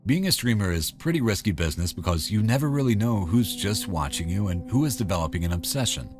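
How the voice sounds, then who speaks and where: Deep-voiced wry male narrator. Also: lively intonation, fast, soft background music. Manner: wry, conversational. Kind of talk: scripted narration.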